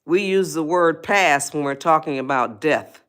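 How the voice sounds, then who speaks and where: A middle-aged woman with a deep, clear, resonant voice that's a bit bright speaks unhurriedly on a casual motivational livestream. Offering life advice in a folksy way, she talks straight to her viewers and answers their chat.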